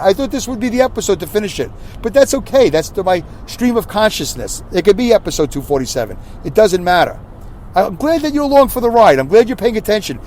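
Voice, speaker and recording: A man's voice: high-pitched, a little mellow, a little hiss or hum. A middle-aged man hosting his own podcast, talking through a hard stretch of his life in an earnest, rambling, confessional monologue. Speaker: podcast host.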